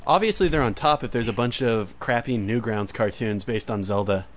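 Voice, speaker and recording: A man's voice: on the low side, moderate pace, slight background noise. A man co-hosting a podcast, joking sarcastically in casual chat. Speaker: podcast co-host.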